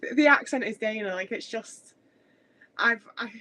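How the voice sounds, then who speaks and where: A woman's voice: on the high side, normal speed, pushed and bright, rough recording. A woman in her thirties with a mixed Midlands and Scouse accent, chatting casually on a livestream from home and rambling with many restarts. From Stoke, English Midlands. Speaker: livestream host. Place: home kitchen area. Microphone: webcam mic, moving away while cooking.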